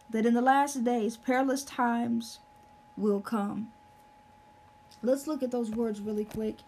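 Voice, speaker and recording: A woman's voice: fairly high pitch, a little mellow, breathy edge. A woman preaching a sermon in an earnest way, repeating phrases for emphasis with many fillers.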